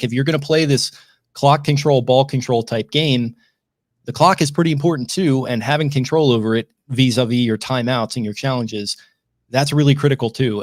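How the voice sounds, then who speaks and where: A man's voice: medium pitch, no echo, clean studio sound. A young man co-hosting a sports podcast, sounding frustrated and packing his talk with colorful sayings. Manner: frustrated, lots of likes and restarts, colorful sayings. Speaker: podcast co-host.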